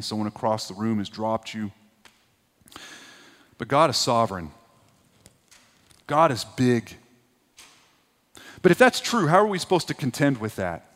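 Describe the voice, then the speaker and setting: A man preaching a sermon as a pastor, swinging between loud emphatic peaks and hushed, low passages. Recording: long hall reverb.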